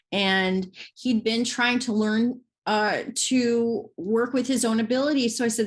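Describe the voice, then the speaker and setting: Woman co-host telling a lively story. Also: medium pitch, moderate pace. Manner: lively storyteller, acts out quoted dialogue. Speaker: podcast co-host. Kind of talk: casual spiritual conversation.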